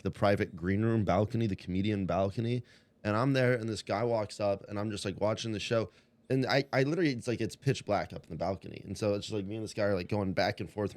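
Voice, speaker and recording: A man's voice: lowish voice, fast, darkish tone. A man telling a long story in a casual podcast chat, rambling and full of filler words.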